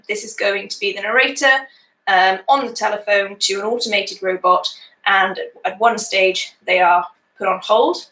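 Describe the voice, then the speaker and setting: A woman's voice: medium pitch, bright, forceful tone. Chatty teacher woman in an echoey room. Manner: chatty, explains with many fillers. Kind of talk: poetry lesson with a read-aloud.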